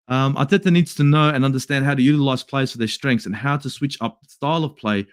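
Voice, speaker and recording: Going through a match and answering live chat, this Australian man runs his fan channel in an angry rant full of swearing, lurching from loud outbursts to low muttering. It's recorded with clean studio sound and no room echo.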